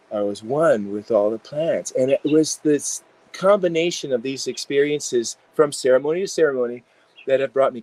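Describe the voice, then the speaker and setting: A man, an integration psychologist, telling animated stories in a casual interview with many fillers. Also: mid-range voice, rough recording.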